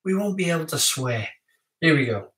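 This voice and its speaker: Excitable man, chatty beer reviewer. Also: a little high, moderate pace, far from the mic. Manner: chatty, excitable, talks to viewers. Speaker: beer reviewer hosting a live stream. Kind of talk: casual live-stream chat. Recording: echoey room, off-mic.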